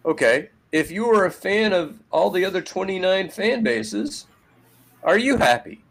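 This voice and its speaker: A man co-hosting a sports podcast, ranting in a profane, sarcastic way with loud jumps in pitch. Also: sing-song, measured pace, vocal fry. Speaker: podcast co-host. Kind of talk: heated sports talk.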